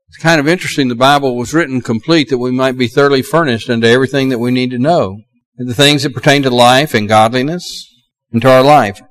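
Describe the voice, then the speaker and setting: A man's voice: on the high side, a bit bright, low-quality recording. A middle-aged man with a Southern US accent preaching a sermon as pastor, earnest and building to emphatic exhortations.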